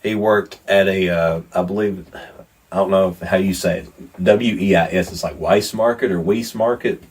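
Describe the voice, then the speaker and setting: A man co-hosting a podcast in casual chat, relaxed and swearing a lot, with plenty of fillers. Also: deep voice, normal speed, far from the mic, low-quality recording. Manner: laid-back, swears a lot, many fillers. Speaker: podcast co-host.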